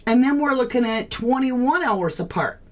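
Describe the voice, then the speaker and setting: A woman's voice: a little high, expressive, moderate pace. A woman hosting a true crime livestream, puzzling aloud in casual chat and greeting viewers by name.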